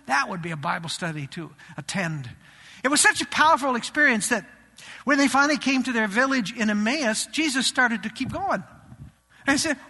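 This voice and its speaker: A man delivering a sermon with a high, very bright and piercing voice. He swings between loud, animated preaching and hushed lows. The sound carries a long reverb from a church hall. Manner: animated preaching, rising and dropping his voice for emphasis. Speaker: pastor. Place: church sanctuary.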